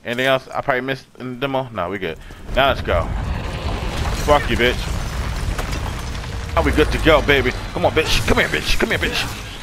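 This male streamer speaks in an expressive mid-range voice at a moderate pace, pausing often as he tries a game for the first time. He trash-talks, gets hyped, swears and repeats phrases while the game's music plays beneath him.

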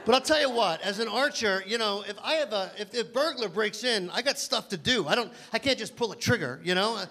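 A man's voice: high voice, lively intonation, brisk, sharp tone. A man doing a stand-up set on a comedy club stage, telling rambling, self-mocking stories that he keeps stumbling through.

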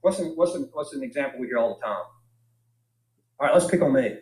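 A man's voice: mid-range voice, expressive, fast talker, darkish tone. A man with a Southern US accent lecturing a philosophy class in a conversational way, often checking in with "right?". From Georgia, US. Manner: conversational, keeps asking "right?". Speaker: philosophy teacher. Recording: echoey classroom.

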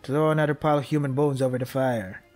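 A young man commentating his gameplay, joking, excitable, and talking to the characters on screen. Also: medium pitch, fast, faint music behind. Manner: joking, excitable, talks to the game characters, laughs often. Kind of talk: let's play commentary.

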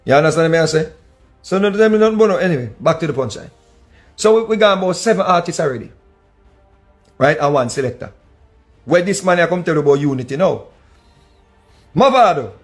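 A man with a Jamaican accent giving animated casual commentary, slipping between patois and English and breaking into snatches of song. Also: a little high, brisk, long pauses, faint music behind.

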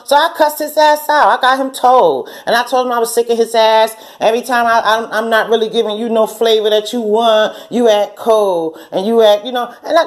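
A woman in her forties with a fairly high voice tells a long story as host of her own channel. She talks bluntly and curses freely. She breaks into laughter and acts out the lines of the people in her story. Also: steady tone, moderate pace. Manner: blunt and profane, laughs often, acts out quotes. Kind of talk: casual storytelling rant.

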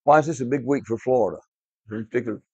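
A man's voice: medium pitch, rapid-fire, darkish tone, breathy edge, no echo. A man teaching a class Bible lesson, emphatic and repetitive, quizzing his students in a classroom. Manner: emphatic, repeats key words, quizzes the class. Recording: dull lo-fi, dry.

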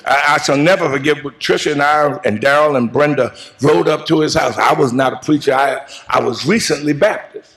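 Gravelly-voiced preacher, high and lively. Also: male voice, brisk, few pauses. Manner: preaching cadence, rising to shouts and sung phrases. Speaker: preacher giving a eulogy. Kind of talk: call-and-response funeral sermon. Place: large church sanctuary.

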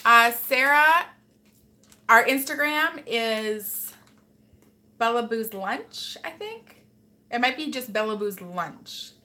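A woman's voice: fairly high pitch, animated, slow, pauses often, bright, forceful tone. A woman hosting a casual live stream as a mother, chatting and reading viewer comments while scolding her child. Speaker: host and mother.

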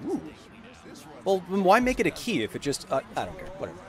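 A man's voice: high voice, huge pitch swings, fast talker, music in the background. A man in his thirties with an American accent, casually streaming a game and joking with chat. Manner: joking, tries out voice impressions. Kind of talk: casual gameplay livestream.

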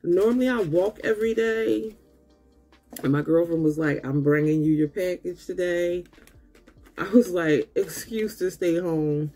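Husky, slow-talking woman gushing over makeup. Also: lowish voice, soft background music. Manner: gushing, excitable, talks straight to viewers. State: tired and low on energy. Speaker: beauty vlogger. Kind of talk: casual unboxing chat.

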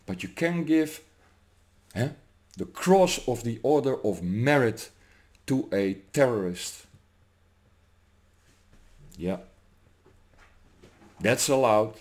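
Slow, ranting man. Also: expressive. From Germany. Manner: ranting, profane, swings between shouting and low menacing mutter. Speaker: vlogger. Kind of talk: angry political rant to camera.

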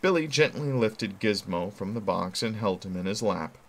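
A man with a low voice reads a novel aloud, telling the story with expression. His pitch moves in a lively way through the narration. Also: normal speed. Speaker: reader.

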